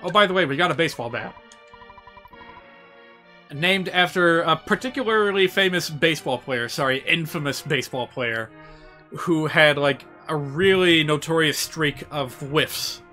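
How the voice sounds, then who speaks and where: A man commentating his game stream in a loose, chatty ramble, quick to get worked up over small discoveries. His voice is bright and fairly high, with faint music underneath. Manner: excitable, rambling, chatty asides. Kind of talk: casual gaming commentary.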